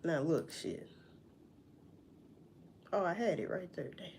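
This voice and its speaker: A woman vlogger talking through a news story in casual, profane, animated commentary, often answering her own questions. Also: on the low side, takes it slowly, a little hiss or hum. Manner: profane, animated, talks back to herself.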